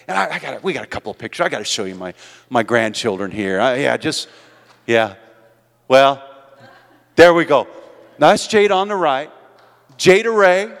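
Older man preaching in a reverberant church. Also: a little high. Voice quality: earnest storytelling, swelling to loud emphatic appeals. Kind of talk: sermon with personal testimony. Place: church sanctuary. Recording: long hall reverb in a church.

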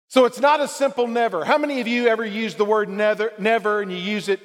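A man preaching a sermon as pastor, emphatic and building to shouted passages. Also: high-pitched, fairly even intonation, fast, few pauses, long reverb tail.

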